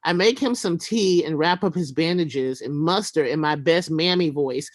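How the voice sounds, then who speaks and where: A man reading his own prose aloud in a wry, deadpan way. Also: fairly high pitch, normal speed, no room sound. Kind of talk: literary reading.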